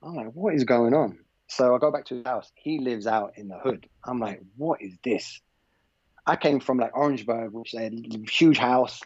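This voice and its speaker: Here an English podcast guest who coaches basketball casually tells a story from his own life during an interview. His mid-range voice has a breathy edge, and he keeps a moderate pace. The audio has no echo but is slightly dull and lo-fi.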